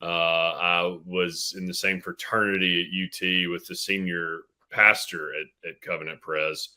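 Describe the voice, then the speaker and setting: A man's voice: sits low, flat delivery, measured pace, pushed and bright. A man in his thirties, a mayor, answering interview questions earnestly with frequent fillers and restarts. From Tennessee. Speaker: city mayor, guest.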